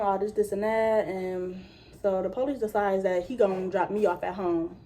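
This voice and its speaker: Speaking at a moderate pace with a medium-pitched voice, a young woman recounts something that happened to her for a storytime vlog. Her telling is casual and profane, full of animated impressions of what others said.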